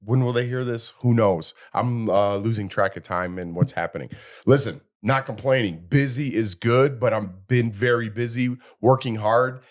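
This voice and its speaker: A man co-hosting a casual podcast, his voice hoarse and worn from a week-long cough. He rambles through stories with a self-deprecating, scattered manner at an ordinary middle pitch. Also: moderate pace. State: hoarse from a cough and sore throat. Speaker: podcast co-host. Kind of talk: casual chat.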